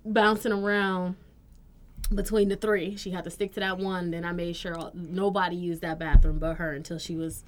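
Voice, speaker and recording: A woman in her thirties with a lowish voice co-hosts a podcast and chats casually about her family. She rambles through her stories, full of "like" and "um" fillers. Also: flat delivery, moderate pace, slight background noise. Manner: chatty storyteller with many fillers. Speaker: podcast co-host. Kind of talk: casual chat.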